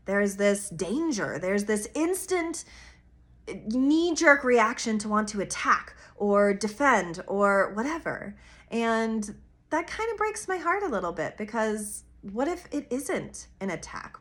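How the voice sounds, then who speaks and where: A woman astrologer talks through her weekly forecast in an earnest, musing way. Her voice sits in a middle pitch. She lets casual slang and soft laughs slip in, and now and then she rushes ahead. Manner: earnest, musing and expressive, with bursts of quick talk.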